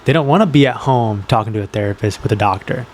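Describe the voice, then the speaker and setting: A young podcast co-host rambles loosely in casual chat, packing in fillers and quick acted-out quotes. His pitch sits in an ordinary middle range with a darkish tone, and a faint hiss runs under the recording.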